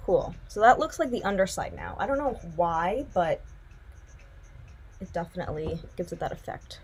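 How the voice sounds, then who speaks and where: A woman's voice: mid-range voice, big pitch swings, measured pace, pauses often, darkish tone, a little hiss or hum. A young woman teaching digital drawing, talking casually and thinking aloud as she works. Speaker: art instructor. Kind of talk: casual drawing tutorial narration.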